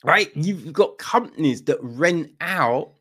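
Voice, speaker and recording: Lively, animated man on a podcast. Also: a little high, slow pace, slightly rough. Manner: animated, profane, acts out little dialogues. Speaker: podcast co-host. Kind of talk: casual opinionated chat.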